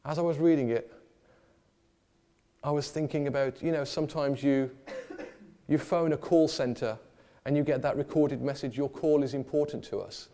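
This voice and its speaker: A man preaching a sermon in a church, lively and humorous, acting out the people in the story. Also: a little high, normal speed, pauses often.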